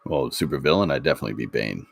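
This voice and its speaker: A man in casual chat on a live stream, trading quick teasing banter. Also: a bass voice, animated, gravelly, dry recording, clean studio sound.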